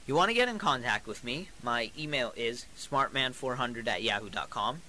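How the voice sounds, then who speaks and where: A young adult man hosting a college radio show, giving his opinions in a halting way, with many repeated words and tangents. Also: mid-range voice, expressive, pushed and bright, a little hiss or hum. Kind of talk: solo opinion talk on radio.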